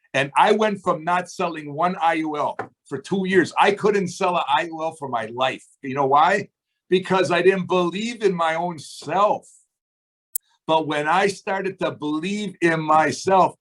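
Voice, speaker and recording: A man's voice: a little high, fairly bright tone. A middle-aged man leading a sales team on a video call, giving an emphatic, preachy motivational talk and asking his listeners questions.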